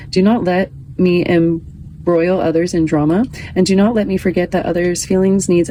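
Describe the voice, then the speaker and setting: A woman's voice: on the low side, mellow, a little hiss or hum, low-quality recording. A woman in her thirties giving a casual, chatty tarot reading, often reading card text aloud.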